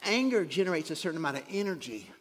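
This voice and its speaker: A man preaching a sermon in an earnest way, with a gravelly, husky voice, dropping to soft whispers for emphasis. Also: a little high, very animated, quick pace, long reverb tail. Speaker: pastor.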